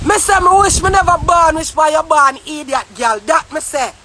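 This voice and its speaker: A woman with a Jamaican accent in a heated, profane ranting monologue, often shouting. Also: sits high, lively intonation, moderate pace, slight background noise. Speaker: vlogger.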